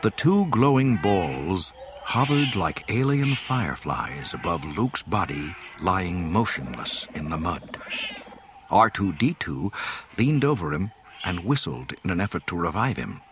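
A man narrating an audiobook in a dramatic, expressive way. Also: low-pitched, a little slow, noisy background. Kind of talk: audiobook reading.

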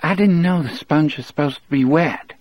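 A man's voice: fairly high pitch, a little slow, no echo, pitched above the performer's own voice. A man voicing a petty, sullen young male prison guard with a thin, strained voice. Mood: dazed.

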